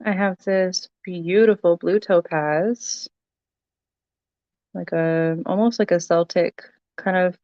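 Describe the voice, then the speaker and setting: A woman's voice: fairly low pitch, clean tone, no echo, highs cut off. A woman selling jewelry on a casual livestream, chatting with viewers by name with lots of ums. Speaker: live-sale jewelry seller.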